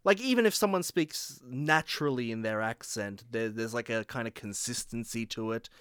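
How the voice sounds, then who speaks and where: A man's voice: medium pitch, normal speed, fairly bright tone, clean tone, no room sound, clean studio sound. A man co-hosting a casual film podcast, rambling and hesitant. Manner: rambling, hesitant, laughs often. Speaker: podcast co-host. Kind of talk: casual film review chat.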